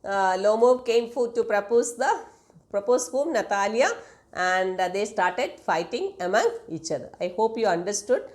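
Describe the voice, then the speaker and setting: A woman's voice: medium pitch, animated, normal speed, a little mellow. A woman teacher explaining a play in a lesson, glossing words and asking questions. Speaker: English teacher.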